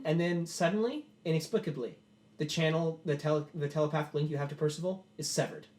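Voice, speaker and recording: Echoey game master narrating casually. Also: male voice, on the high side, fast talker, darkish tone. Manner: loose, filler-heavy narration with frequent "like".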